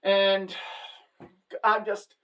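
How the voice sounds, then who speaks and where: A middle-aged woman telling a comic story as a monologue, animated and deadpan at the punchlines, jumping into the voices of the people she quotes. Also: medium pitch, very slow, muffled recording. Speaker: comedic storyteller.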